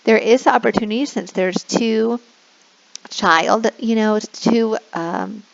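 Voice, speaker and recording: Gravelly-voiced woman teacher, lo-fi recording. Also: a little high. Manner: switches into slow, exaggerated sing-song when modeling classroom prompts. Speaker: online English teacher giving a tutorial. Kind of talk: instructional screen walkthrough. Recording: dull lo-fi recording.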